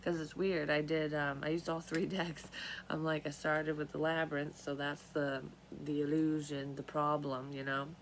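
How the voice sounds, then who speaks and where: A woman's voice: low voice, level tone, moderate pace, a little hiss or hum, poor audio. A woman who is losing her voice, casually rambling in a vlog as a tarot reader, often cutting herself off. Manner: rambling, profane, self-interrupting. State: losing her voice, clearing throat and coughing.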